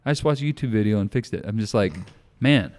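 A man's voice: fairly low pitch, fast talker, darkish tone. A man co-hosting a podcast, telling a story in a loose, rambling way full of fillers and restarts. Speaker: podcast co-host. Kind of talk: casual chat. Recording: long hall reverb.

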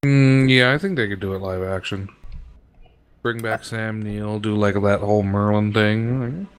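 A man's voice: lowish voice, steady tone, unhurried, smooth. A man chatting on a podcast as co-host, giving dry short replies and hesitating with many ums. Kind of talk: casual chat.

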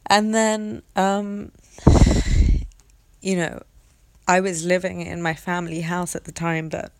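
A young adult woman hosting a podcast, telling a personal story in a candid, reflective way with hesitant pauses. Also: lowish voice, flat delivery, a little hiss or hum. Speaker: podcast host.

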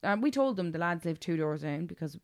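Podcast co-host, young woman, sweary animated storyteller, lowish voice, dry sound. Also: fairly quick, no room sound. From Ireland. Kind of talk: casual chat.

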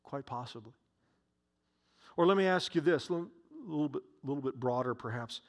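A man's voice: medium pitch, a little fast. A man preaching a sermon to a congregation in a church, emphatic and repeating his key phrases.

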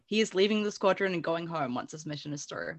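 A woman's voice: fairly low pitch, animated, quick pace. A woman podcast host casually recapping book chapters, giggly and swearing freely.

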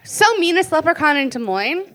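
A woman's voice: high voice, sing-song, fairly quick, fairly bright tone. A woman hosting a live comedy show, sarcastic and teasing. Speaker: show host.

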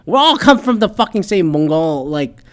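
A man's voice: high voice, big pitch swings, normal speed. Heated swearing man ranting. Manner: heated, swears constantly, shifts loud and soft. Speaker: podcast host. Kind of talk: profane opinion rant.

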